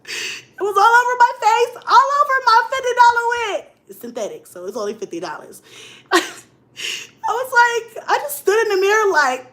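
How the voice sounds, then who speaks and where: A young woman vlogger telling a story in casual chat, laughing often and swinging between loud bursts and hushed asides. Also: very high voice, very animated, normal speed.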